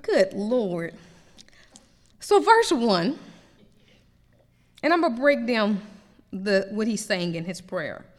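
A woman preacher delivering a lively, emphatic sermon. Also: medium pitch, slow pace, long pauses, long reverb tail. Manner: animated preaching with rising emphatic peaks.

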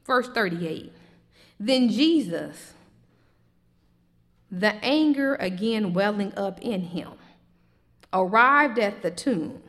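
A woman preaching a sermon, swinging between loud, emphatic questions and quiet, low reflection. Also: lively intonation, takes it slowly, long pauses. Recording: long hall reverb.

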